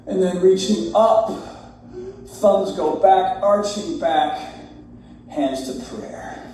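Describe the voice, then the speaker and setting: A man guiding a yoga warm-up, cueing breaths and poses in a relaxed, joking way as he moves. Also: high voice, slow, slight background noise. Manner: relaxed, joking, talks while moving through poses. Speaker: yoga instructor. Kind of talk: guided yoga class. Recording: very echoey room, distant mic, faint music.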